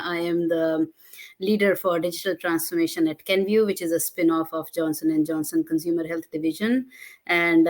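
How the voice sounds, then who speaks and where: A woman with a somewhat low voice, speaking as a guest in a conversational interview. She explains her points earnestly. She pauses often on filler sounds as she gathers her thoughts. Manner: earnest, explanatory, with frequent hesitations. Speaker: guest, digital transformation leader.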